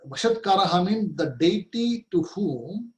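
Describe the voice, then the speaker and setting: A man's voice: high-pitched, expressive, measured pace, low-quality recording. A middle-aged man teaching a scripture class, explaining with rhetorical questions, light laughs and chanted Sanskrit terms. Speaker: Vedanta teacher.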